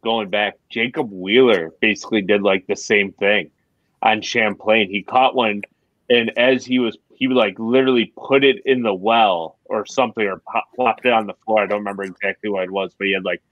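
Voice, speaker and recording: Low-voiced man, dull dry audio. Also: fairly even intonation, moderate pace, no room sound. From New York. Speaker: guest angler. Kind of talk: casual podcast chat.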